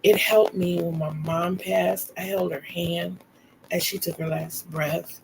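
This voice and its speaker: A woman's voice: fairly low pitch, fairly even intonation, takes it slowly, creaky, a little hiss or hum, low-quality recording. A middle-aged woman, hosting a livestream and telling personal stories in a casual, chatty way to viewers she calls y'all. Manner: warm storyteller, laughs often, talks to viewers as y'all. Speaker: livestream host. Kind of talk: casual storytelling chat.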